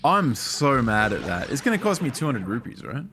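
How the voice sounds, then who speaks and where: A young man grumbling his way through live gameplay commentary, breaking into sudden high-pitched outbursts of frustration. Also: big pitch swings, moderate pace, sharp tone, slight background noise. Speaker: game streamer. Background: faint game music.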